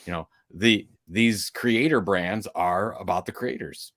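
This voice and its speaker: A man's voice: low-pitched, a little slow, fairly bright tone. A man co-hosting a casual podcast, weighing in with dry, sarcastic banter. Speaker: podcast co-host.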